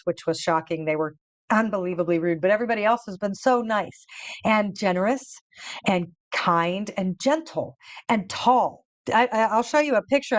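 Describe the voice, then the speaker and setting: A woman host telling a story in a casual, excited way, laughing often and repeating words as she goes. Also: mid-range voice, dry recording. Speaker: show host.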